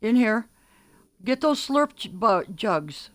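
Older female gaming streamer, bright-pitched and bouncy, excitable team caller. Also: slow pace, dry recording, studio quality. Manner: chatty, excitable, calls out orders to teammates. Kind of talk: live gameplay commentary.

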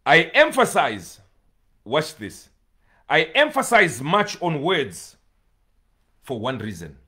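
A man's voice: fairly high pitch, huge pitch swings, slow pace, sharp tone, breathy edge. A man preaching a sermon, pleading and emphatic, repeating key words for stress.

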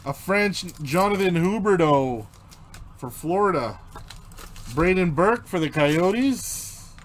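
A man's voice: high voice, animated, takes it slowly, slight background noise. A man hosting a live card break. He reads out player names as he opens the packs and chats casually with viewers. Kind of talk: live card-opening commentary.

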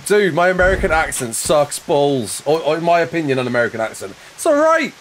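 A young man chatting casually with viewers while playing a game live, quick to laugh and often restarting his sentences. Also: on the high side, big pitch swings, fairly bright tone, slight background noise. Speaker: live streamer.

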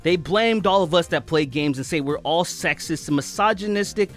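A male commentary host rants in a high, excitable voice, sarcastic and heated, swearing freely. Faint music plays underneath him. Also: normal speed. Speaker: commentary YouTuber. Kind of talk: ranting commentary.

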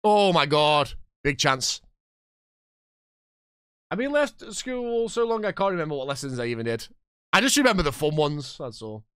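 A man in his thirties playing a football management game, chatting with viewers and reacting loudly to the match. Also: on the high side, very animated, moderate pace, pauses often, clear, resonant tone, dry recording, clean studio sound. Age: 30s. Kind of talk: live gameplay commentary and chat.

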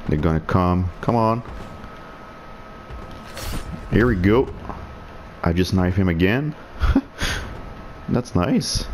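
Low, slow-talking gamer man. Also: lively intonation, slight background noise. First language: French. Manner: sarcastic, swearing, frustrated muttering. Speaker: gaming streamer. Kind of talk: live gameplay commentary.

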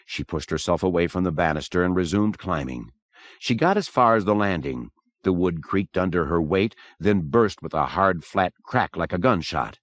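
A man narrating a horror audiobook in an expressive, dramatic manner. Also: sits low, normal speed, no room sound. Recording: dry close recording.

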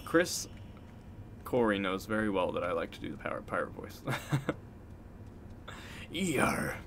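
A man's voice: deep voice, unhurried, a little hiss or hum. A man streaming a video game live, joking, swearing freely and chatting with his viewers. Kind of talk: live gameplay stream commentary.

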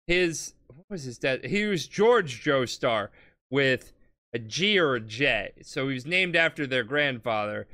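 Drunk, animated podcast host. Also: medium pitch. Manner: animated, laughing, swearing, acting out characters. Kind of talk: drunk comedic storytelling.

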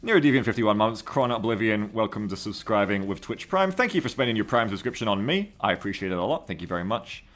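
A man's voice: on the low side, expressive, fast, hardly any pauses. A man streaming a game and casually thanking subscribers and donors by name. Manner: thanking donors warmly, reading names. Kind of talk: casual live-stream chat.

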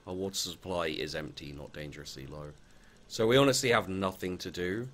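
A man's voice: low voice, fairly quick. A man giving casual let's play commentary, muttering to his game characters and swearing freely as he goes.

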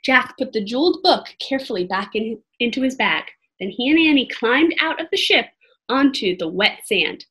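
A woman reading a children's chapter book aloud expressively, pausing to talk to her listeners. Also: fairly high pitch, breathy edge. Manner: expressive, pauses to comment to listeners. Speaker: storybook reader.

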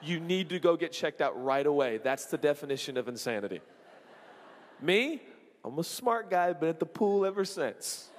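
A man preaching a sermon as a pastor, telling a story with lively, acted-out exclamations and quick asides to the congregation. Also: fairly high pitch, in a large hall, a little hiss or hum.

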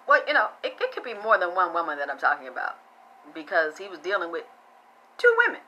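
A woman with a bright, sharp-edged voice hosts a casual live-streamed psychic reading. She talks bluntly and loosely and swears freely, and she keeps thanking her viewers by name between her points. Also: lowish voice, big pitch swings, fast talker, a little hiss or hum, low-quality recording.

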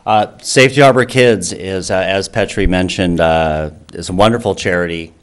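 A man's voice: low-pitched, normal speed, smooth. A man who founded a charity, speaking earnestly to a town council with many fillers and restarts. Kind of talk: public comment speech.

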